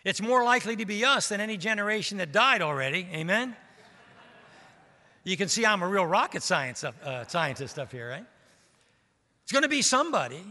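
High, bright-voiced preacher man in a reverberant hall. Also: lively intonation, a little fast. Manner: preaching with rising emphasis and rhetorical questions. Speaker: pastor. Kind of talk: sermon.

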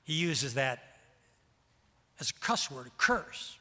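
A man preaching a sermon in a church, animated and voicing the characters' words, repeating phrases for emphasis. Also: medium pitch, measured pace. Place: church sanctuary. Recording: long reverb of a large hall.

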